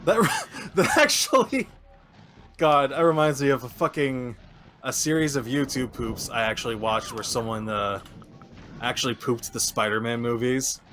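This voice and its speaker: A man's voice: mid-range voice, moderate pace, a little hiss or hum. A man co-hosting a game stream, chatting casually and joking with lots of laughter. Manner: lively, joking, laughs a lot. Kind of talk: casual chat.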